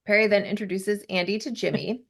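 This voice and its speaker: A young adult woman hosts a casual podcast and recaps a TV episode. She talks in a chatty way with giggly side comments, and her voice sits at an ordinary middle pitch. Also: fairly quick, creaky. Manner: chatty, giggly, narrates plot with asides. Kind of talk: casual chat.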